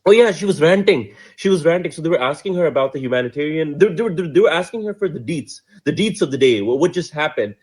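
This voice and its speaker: A man tells a story in a loose, chatty way, laughing as he goes. His voice is a little high and husky, and his pitch rises and falls a lot. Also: fast, hardly any pauses. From Pakistan. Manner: animated, laughs often, acts out quotes. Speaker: commentator. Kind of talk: casual storytelling commentary.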